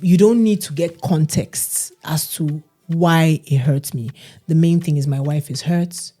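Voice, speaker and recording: A woman, co-hosting a casual podcast and telling stories in an animated way. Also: low-pitched, unhurried, soft background music. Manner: animated storytelling, mimics others' voices. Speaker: podcast co-host. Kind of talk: casual chat.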